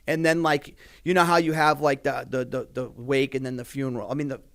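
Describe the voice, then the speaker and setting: A man's voice: medium pitch, flat delivery, a little fast, a bit bright. A young man, a podcast guest in casual talk, rambling with many fillers and heavy swearing.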